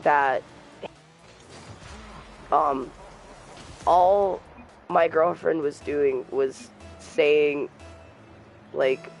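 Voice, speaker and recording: A young man streaming a game, telling a personal story in a soft, halting voice and trash-talking the game now and then. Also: a little high, low-quality recording. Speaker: gamer streamer. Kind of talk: casual storytelling while gaming.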